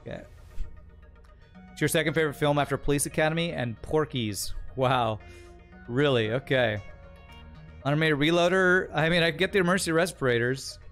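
A man's voice: on the high side, moderate pace, pauses often, a bit bright, soft background music. A man streaming a strategy game, chatting casually, thinking aloud and answering chat in a rambling way. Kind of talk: casual gameplay commentary, reading chat.

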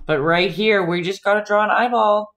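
A young woman leads a live painting lesson, chatty and casual with the viewers in her chat as she works. Her voice is medium-pitched and a bit bright, at a normal speed.

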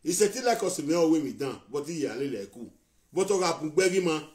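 Fast, excitable Nigerian man on a livestream. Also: a little high. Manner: switches between Pidgin English and local language, rapid and excitable. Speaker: live video host. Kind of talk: casual live-stream chat.

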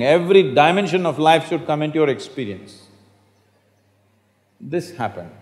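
A man's voice: a little high, expressive, moderate pace, pauses often, a little mellow. A man speaking as a spiritual teacher to a live audience in a large hall, emphatic and often asking the audience questions. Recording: echoey hall.

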